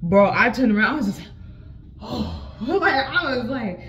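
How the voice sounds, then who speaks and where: A young adult woman telling a casual storytime vlog, animated and profane, with lots of slang and acted-out quotes of herself. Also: fairly high pitch, a little fast, a crowd in the background. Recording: slightly dull lo-fi sound.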